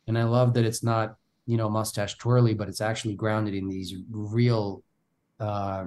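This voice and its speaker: A man's voice: fairly low pitch, a little mellow. A man from Bulgaria, an actor giving an interview in casual conversation, speaking animatedly and often repeating words as he starts his thoughts. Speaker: actor guest.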